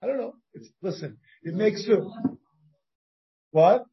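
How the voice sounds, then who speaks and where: A man's voice: high-pitched, lively intonation, unhurried, gravelly, slightly rough, highs cut off. A rabbi teaching a casual Talmud study class. He thinks aloud, restarts often, and puts questions to his students. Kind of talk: informal Talmud study lesson. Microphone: shared class recording, partly over a video call.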